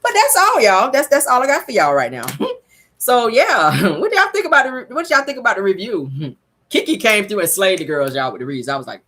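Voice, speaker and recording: Sassy woman with a lively voice. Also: mid-range voice, fairly quick. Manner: sassy, animated, gossipy. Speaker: reality show reviewer. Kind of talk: casual recap commentary.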